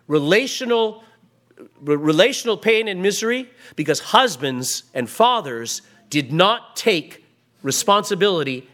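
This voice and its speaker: Man preaching with rising emphasis. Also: a little high. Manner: emphatic preaching, swings between quiet and raised passages. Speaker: pastor. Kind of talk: sermon. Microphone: microphone at a pulpit.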